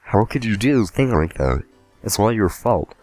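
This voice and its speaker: A man's voice: fairly low pitch, expressive, normal speed, darkish tone, no room sound, faint music behind. A man voicing a bratty young boy in a game, with a whiny, accusing put-on tone.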